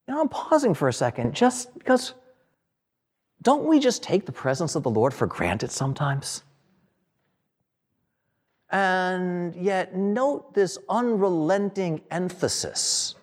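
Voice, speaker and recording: Slow, lively-voiced man preaching in a hall. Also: a little high. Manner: slow, dramatic preaching with long pauses and falling endings. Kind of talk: sermon. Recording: long hall reverb.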